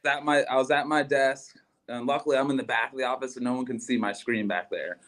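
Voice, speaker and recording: A man co-hosting a sports fan podcast tells a story in chatty, quick bursts. His voice sits at an ordinary middle pitch. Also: steady tone, a bit bright. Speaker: podcast co-host. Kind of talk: casual chat.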